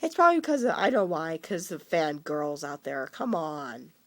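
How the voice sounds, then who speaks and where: A young man in his teens with a cold, rambling casually about movies he likes and dislikes, with frequent halting restarts. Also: fairly high pitch, big pitch swings, gravelly, a bit bright. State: coming down with a cold. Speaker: vlogger.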